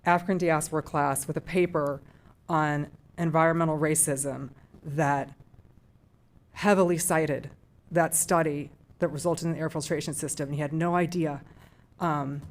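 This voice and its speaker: A woman's voice: low voice, steady tone, normal speed. A middle-aged woman serving on a school board, speaking heartfelt and emotional at a public meeting, with restarts and trailing phrases.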